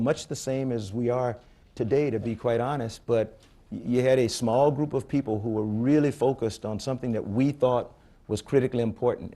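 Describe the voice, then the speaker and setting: A warm, medium-pitched male voice belongs to an older man who heads a space agency. He is in a conference room at a public forum, giving conversational answers to audience questions. He is frank and blunt, and his stories often start over.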